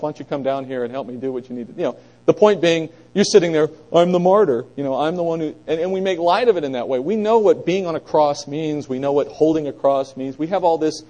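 A middle-aged man teaching a conversational Bible lesson, asking his listeners questions and pressing points with animated emphasis. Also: a little high, poor audio.

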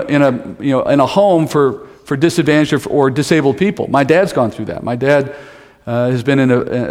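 A man preaching a sermon as pastor, in a conversational style with humor and asides. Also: a little high. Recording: long hall reverb.

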